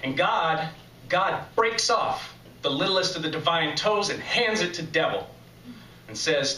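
A man's voice: a little high, animated, unhurried, sharp tone, slight background noise. A man performing an essay on stage, telling a story in a folksy, preacher-like way to a live audience. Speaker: reader at a live essay competition. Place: live reading venue with audience. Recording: echoey live club from a distance.

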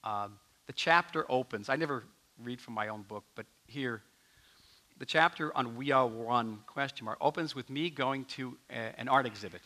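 Emphatic guy in an onstage interview, bright forceful voice, keeps restarting sentences. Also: medium pitch, moderate pace. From United States. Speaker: author and former ambassador.

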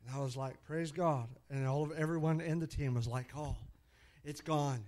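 A man's voice: on the high side, moderate pace. A middle-aged man preaching, telling stories with frequent hallelujahs and laughter. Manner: animated, exclaims hallelujah often, laughs at own stories. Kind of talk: sermon storytelling.

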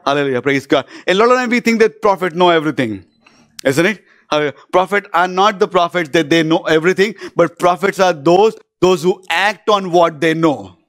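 A man's voice: high voice, fairly quick, a bit bright, no room sound, clean studio sound. A man preaching a fervent sermon as pastor, often breaking in with hallelujah and praise God and asking the church "isn't it?". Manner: asks isn't it of the congregation.

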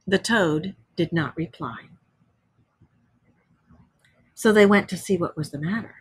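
A woman teacher reads a story aloud to children with plenty of expression. She then pauses to explain it and ask questions. Her voice has a slightly husky edge. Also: on the low side. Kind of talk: reading a story aloud to a class.

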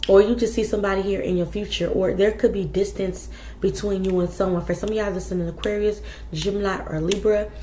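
A woman's voice: mid-range voice, steady tone, brisk, dark tone, reverberant, slight background noise. A woman giving a casual tarot reading, talking bluntly and chattily to her viewers with plenty of profanity. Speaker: tarot reader.

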